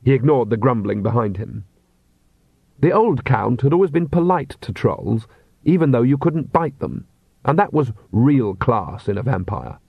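A man narrating a comic fantasy audiobook in measured, dry storytelling. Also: mid-range voice, very animated, creaky, husky, no echo. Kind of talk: scripted narration. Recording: dull, dry audiobook recording.

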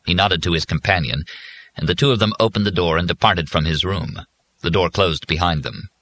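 Deep-voiced man narrating an audiobook. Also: fairly quick, bright, forceful tone. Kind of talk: scripted narration.

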